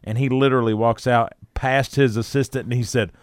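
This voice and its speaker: A man co-hosting a sports talk show, retelling a story in a lively way with laughs and acted-out quotes. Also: medium pitch, no echo, clean studio sound. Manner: animated retelling, laughing, with quick quoted voices. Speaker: sports radio co-host.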